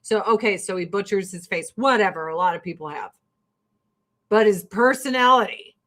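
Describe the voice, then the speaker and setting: Speaking at normal speed in a mid-range, fairly bright voice, a woman vlogger from rural Illinois hosts a casual get-ready-with-me session. She is outspoken and talkative, swears freely and laughs often.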